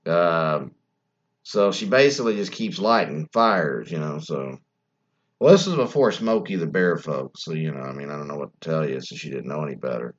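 A man with a very deep, low voice, casually telling ghost stories as host. He rambles and drops wry asides. The recording sounds dull and lo-fi. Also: animated, moderate pace.

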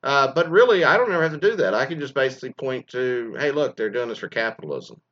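A man's voice: mid-range voice, fast talker, lo-fi sound. A man hosting a podcast, giving casual, rambling commentary that drifts off on tangents. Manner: rambling, animated, goes off on tangents. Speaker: podcast host.

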